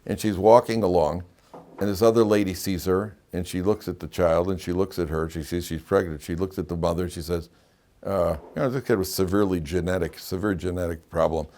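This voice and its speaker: A man's voice: sits low, steady tone, brisk, warm tone. A man, a rabbi teaching a Torah class, who tells jokes and anecdotes and often repeats his phrases. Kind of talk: classroom lecture.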